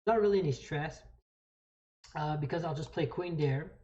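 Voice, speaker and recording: A woman's voice: low voice, moderate pace, dark tone, muffled recording. A woman streaming a chess game, explaining each move as she plays, often restarting and thinking aloud. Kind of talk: live commentary while playing.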